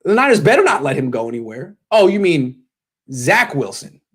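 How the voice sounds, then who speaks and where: A man's voice: on the high side, sing-song, normal speed, slightly rough. A young man hosting a postgame live stream, joking sarcastically and answering donations, his voice cracking when he gets worked up. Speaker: sports show host.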